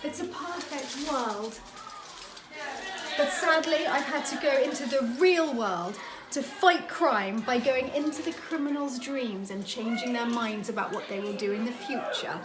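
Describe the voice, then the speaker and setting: A woman's voice: high-pitched, unhurried, low-quality recording. A woman hosting her own vlog, narrating playfully and chatting with guests at a party. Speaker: vlog host, chateau owner. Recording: crowd of party guests behind.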